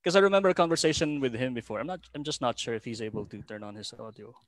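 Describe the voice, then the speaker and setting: A man's voice: mid-range voice, racing, no room sound. A man moderating an online panel discussion over a video call, musing aloud and reading out audience comments. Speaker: forum moderator.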